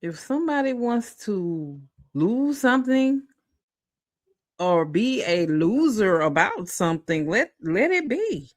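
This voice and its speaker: A woman commentator speaks at an unhurried pace, animated and full of exclamations. Her voice is dry and close to the mic, and she addresses her viewers directly in casual reaction chat. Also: medium pitch, no room sound.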